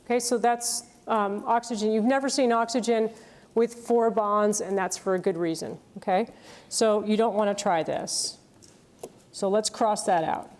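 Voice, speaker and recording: A woman's voice: medium pitch, steady tone, normal speed, darkish tone. A woman giving a university chemistry lecture, explaining step by step and often checking in with "okay?" and "right?".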